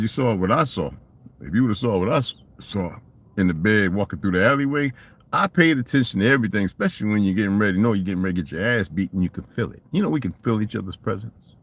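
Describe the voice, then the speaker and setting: An older man telling rambling, profane stories in a casual monologue and asking rhetorical questions. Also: lowish voice. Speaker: vlogger.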